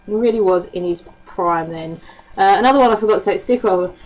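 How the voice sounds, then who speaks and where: Cockney lady vlogging, rambly and sweary, loads of ums, mid pitch voice. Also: quick pace, darkish tone, low-quality recording. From East End of London. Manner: chatty and swears freely, with frequent laughs and fillers. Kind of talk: casual chat.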